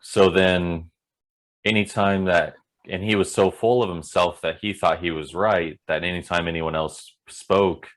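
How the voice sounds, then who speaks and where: A man's voice: sits low, fairly even intonation, a little slow. A man co-hosting a podcast in casual recap chat, playful and laughing often. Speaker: podcast co-host.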